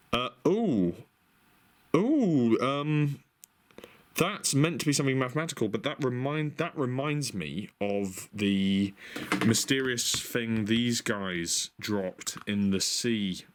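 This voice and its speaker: A man in casual chat as a vlogger, excitable, thinking aloud, exclaiming and swearing now and then. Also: mid-range voice, slow. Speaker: vlogger showing stationery.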